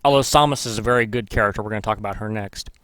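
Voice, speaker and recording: A man's voice: on the low side, rapid-fire, fairly bright tone, no echo. A man vlogging in casual commentary, rambling and swearing, correcting himself as he goes. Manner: rambling, profane, self-correcting. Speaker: gaming vlogger.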